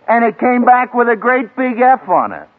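A man preaching a sermon to a graduating class as a seminary professor, emphatic and dramatic, with big swings in pitch and loudness. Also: very animated, normal speed. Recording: tinny lo-fi archival radio broadcast.

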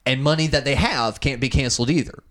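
A man's voice: mid-range voice, fast talker, fairly bright tone. A young man telling a long, profane, exasperated story in casual chat, acting out both sides of customer service calls.

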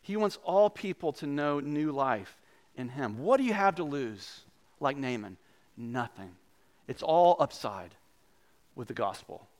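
A male pastor preaching a sermon in a conversational, animated way. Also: medium pitch, measured pace.

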